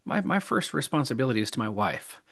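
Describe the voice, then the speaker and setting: Earnest middle-aged man, halting speech. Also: mid-range voice, very animated, creaky. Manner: earnest, halting, many restarts. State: choked up with emotion. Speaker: podcast guest. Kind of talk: casual interview talk.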